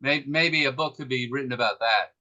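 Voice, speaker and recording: Man, moderator, brisk, enthusiastic, bright tone, dull lo-fi sound. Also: medium pitch. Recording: dull lo-fi audio.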